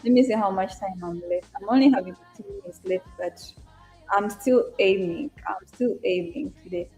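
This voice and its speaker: A young woman with an East African accent talks casually on a live stream, greeting viewers by name and answering their comments as they come in. Her voice is warm and mellow, with soft music playing faintly behind her. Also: mid-range voice, moderate pace. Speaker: live-stream trader and host.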